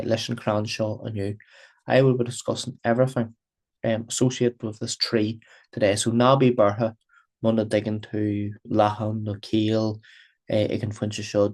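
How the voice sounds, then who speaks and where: Switching between Irish and English, a language teacher repeats each term as he patiently works through a recorded grammar lesson. His voice is lowish with a darkish tone.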